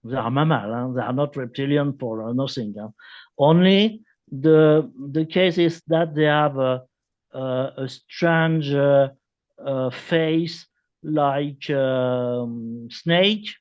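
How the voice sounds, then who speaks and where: A man, a guest author explaining at length in an interview, halting with many fillers and repeated phrases. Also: medium pitch, dull audio. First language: French. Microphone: video call.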